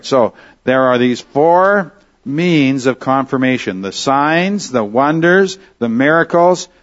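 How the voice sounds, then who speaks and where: Man giving a Bible lesson, lo-fi. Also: medium pitch. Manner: explanatory, self-correcting, with rhetorical questions. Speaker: Bible teacher. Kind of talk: classroom Bible lecture.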